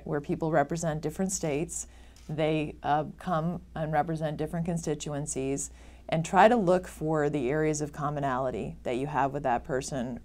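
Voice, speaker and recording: A woman, a former senator, answering interview questions in a halting way with restarts. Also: sits low, a little mellow.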